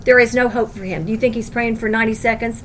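A woman's voice: a little high, fairly even intonation, fast, a bit bright, a little hiss or hum. A woman teaching a Bible study class, reading verses aloud and stressing her points with questions to the group. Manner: emphatic, asks the class questions.

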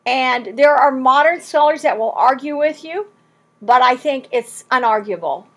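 Working verse by verse through a Bible passage, this woman teaches with emphasis and animation, dramatizing quoted lines. Her voice sits high, and her pace is measured.

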